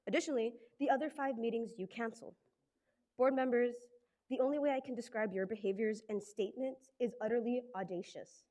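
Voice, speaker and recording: A woman's voice: fairly high pitch, brisk, warm tone. A teenage girl giving an indignant, accusing public comment to a school board. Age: teens. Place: school board meeting room.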